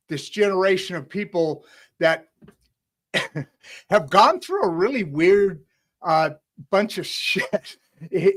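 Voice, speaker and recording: A man's voice: high voice, a bit bright. A man hosting a casual podcast interview, rambling with many fillers and restarts. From United States. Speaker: host.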